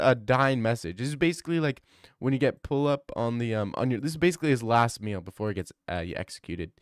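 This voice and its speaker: A man hosting a casual livestream, joking and rambling as he reacts to his chat. His voice is smooth and clear at a middle pitch. The sound is dry and close to the mic. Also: dry recording. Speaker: streamer.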